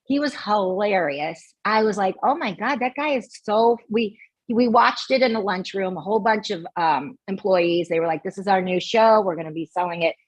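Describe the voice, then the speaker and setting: A middle-aged woman, a podcast guest, telling an animated story in casual chat and acting out what people said. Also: fairly low pitch, no echo, low-quality recording. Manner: animated, acts out quoted dialogue.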